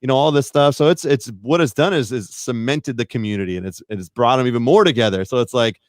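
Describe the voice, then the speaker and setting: A man's voice: mid-range voice, fast, dry recording, clean studio sound. A man, a podcast guest, chatting casually in a rambling, self-deprecating way that hedges a lot. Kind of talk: casual chat.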